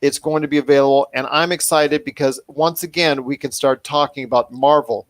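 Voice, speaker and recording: A man's voice: mid-range voice, steady tone, fairly quick, no echo. A man hosting a pop culture podcast, talking enthusiastically and rambling with restarts. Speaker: podcast host. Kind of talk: casual podcast chat.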